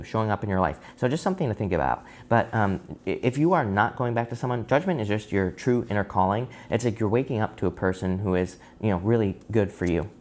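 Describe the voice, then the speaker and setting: A man giving a casual tarot reading to camera, talking in a loose, chatty way full of fillers, his voice jumping up in pitch now and then. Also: a little mellow. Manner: chatty and loose, many fillers and sudden upward pitch jumps. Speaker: tarot reader.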